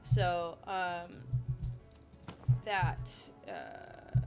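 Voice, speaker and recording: Slow, rambling woman streamer. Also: mid-range voice, expressive, over music. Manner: rambling with many ums and likes. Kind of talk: casual gameplay chat.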